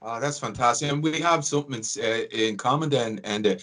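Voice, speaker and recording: A man with a middle-pitched voice hosts a podcast. He talks in a relaxed way and sounds proud of where he comes from. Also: a little fast. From Ireland, Dublin Liberties. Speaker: podcast host. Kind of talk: casual podcast chat.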